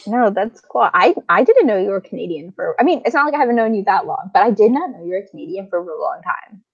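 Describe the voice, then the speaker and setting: A woman from Michigan chats on a live stream, telling stories with a lively voice that swings up and down. She talks in a loose, animated way. The sound is the muffled, lo-fi audio of a video call. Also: medium pitch, fast talker, creaky, slightly rough. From Michigan, USA. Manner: chatty, animated storytelling with frequent laughs. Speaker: co-host. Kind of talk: casual chat on a live stream.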